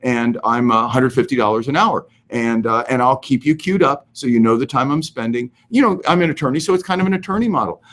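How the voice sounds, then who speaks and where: A man hosting a live question-and-answer show, giving animated, emphatic advice and explaining the law step by step. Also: mid-range voice. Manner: animated, emphatic, goes overboard. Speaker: host answering real estate questions.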